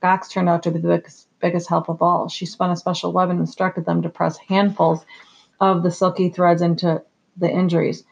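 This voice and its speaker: A steady, measured audiobook narrator with a gravelly voice at a middling pitch. The sound is slightly dull and muffled, like a modest home recording.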